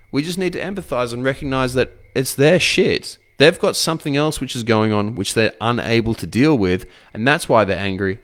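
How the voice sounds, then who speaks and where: A man coaching other men with blunt, profane advice, firing off rhetorical questions. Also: mid-range voice. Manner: blunt, swears freely, asks rhetorical questions. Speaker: men's coach. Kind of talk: motivational advice talk to camera.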